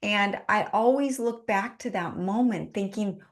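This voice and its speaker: A woman's voice: medium pitch, unhurried. A woman in her forties, a podcast guest, telling a personal story in an earnest, heartfelt way. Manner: earnest, heartfelt, lists things in a steady run. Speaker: podcast guest, business owner.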